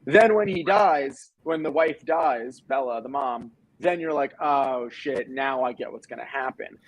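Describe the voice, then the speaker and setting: A young adult man co-hosting a casual movie review chat, animated and swearing casually as he retells scenes. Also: mid-range voice, measured pace, rough recording. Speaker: film review podcast co-host.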